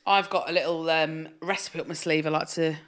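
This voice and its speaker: A woman's voice: deep voice, fairly even intonation, fairly quick. A woman co-hosting a podcast with teasing, jokey banter in a casual chat. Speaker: podcast co-host. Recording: loud background noise.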